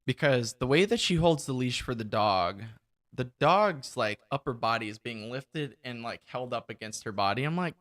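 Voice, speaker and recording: A man's voice: medium pitch, animated, moderate pace, a bit bright. A young man hosting a podcast, chatting casually and telling blunt, profane stories. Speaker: podcast host. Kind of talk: casual chat.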